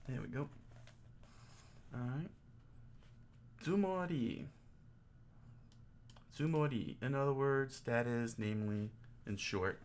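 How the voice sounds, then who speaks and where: A man talks through his vocabulary drills at a relaxed, slow pace, tossing in small jokes and correcting himself out loud. His pitch sits in an ordinary middle range. Faint keyboard typing can be heard behind him. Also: slight background noise. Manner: jokey, thinking aloud, with self-corrections. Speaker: streamer teaching himself Japanese. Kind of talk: casual self-study stream.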